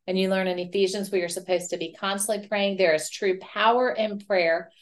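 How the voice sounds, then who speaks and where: A woman co-host with an even, mid-pitched voice, chatting about faith and family life. She often backs up her partner with quick affirmations. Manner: chimes in with short affirmations. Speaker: podcast co-host. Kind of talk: casual faith-based chat.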